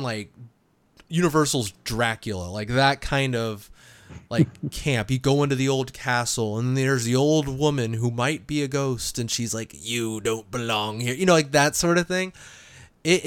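A man of middle pitch talking casually as a podcast co-host. He's animated and quick to laugh, with "like" all through his talk. The sound is dry and close, with no room echo. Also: clean tone. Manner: animated and laughing, heavy use of "like".

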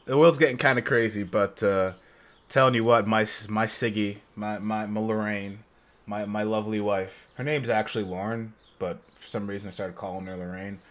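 A man's voice: lowish voice, fairly even intonation, moderate pace. A man in his thirties hosting a casual podcast, joking around with restarts and trailing thoughts. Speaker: podcast host.

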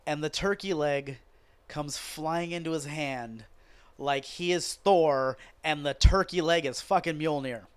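A man hosting a podcast, ranting sarcastically and profanely about wrestling in a casual, animated way. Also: fairly high pitch, unhurried, clear, resonant tone, no room sound. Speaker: podcast host.

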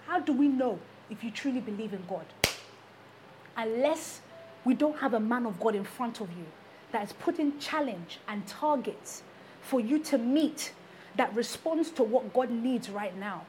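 High-voiced woman preaching emphatically. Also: lively intonation, measured pace, a little mellow, slight background noise. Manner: emphatic, repeating rhetorical questions to the congregation. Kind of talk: sermon.

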